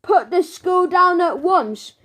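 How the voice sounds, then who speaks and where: A woman's voice: very high-pitched, animated, slow, a bit bright, pitched above the performer's own voice, heavily acted. A woman voicing a prim, bossy middle-aged headmistress who barks orders. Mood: stern. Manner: prim, barking.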